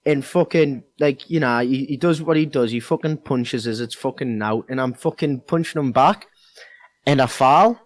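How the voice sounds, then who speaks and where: A man's voice: medium pitch, normal speed. A young man with a Geordie accent telling a rambling, sweary story in casual podcast chat. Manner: rambling, heavy swearing, many fillers. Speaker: podcast co-host.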